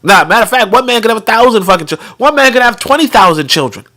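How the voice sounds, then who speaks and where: A young man hosting a show, reading from a book and breaking off into excitable, profanity-heavy commentary with frequent laughter. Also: sits high, quick pace. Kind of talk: animated casual commentary.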